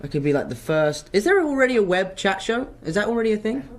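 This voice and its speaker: A man's voice: high-pitched, quick pace, background noise. A young man, an actor answering fan questions in a casual live Q&A, telling stories with self-mocking asides. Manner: animated, chatty storytelling, self-mocking asides.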